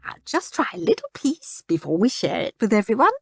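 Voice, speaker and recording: A woman's voice: fairly high pitch, huge pitch swings, a little fast, gravelly, music in the background, full character voice. A woman reading an audiobook, voicing a gushing, posh lady judging a cake contest.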